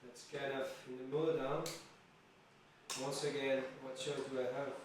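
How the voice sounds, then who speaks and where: A man's voice: medium pitch, flat delivery, a little slow. A man vlogging casually, chatting to himself and his viewers and chuckling often, in a small room. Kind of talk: casual self-filmed vlog. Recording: very echoey room, distant mic, faint hiss.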